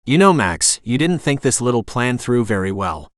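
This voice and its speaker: A man's voice: mid-range voice, moderate pace, dry recording, close to an everyday voice. Dawson: a man doing a drawling, wry hero. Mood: calm. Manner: drawling, dry and calm. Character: cool young man, wry and protective.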